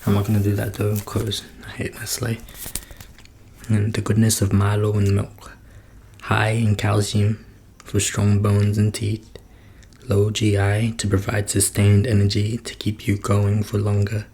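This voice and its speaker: A man making a soft-spoken ASMR video in his room at home. He switches between whispering and quiet talk into a close mic, with wry joking asides. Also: fairly low pitch, monotone, measured pace. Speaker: ASMR creator.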